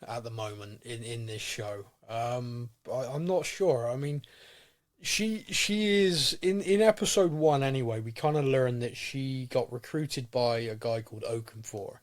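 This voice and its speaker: A man's voice: mid-range voice, a little slow. A sounding man co-hosting a podcast in casual chat, rambling and repeating words as he starts sentences. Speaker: podcast co-host.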